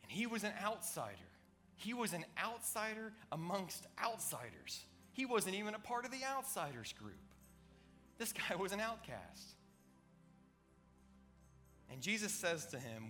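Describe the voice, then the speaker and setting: A man preaching a sermon, conversational and emphatic, repeating words to drive points and building to loud passionate stretches. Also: sits high, very animated, measured pace, pauses often, faint music behind. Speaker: pastor.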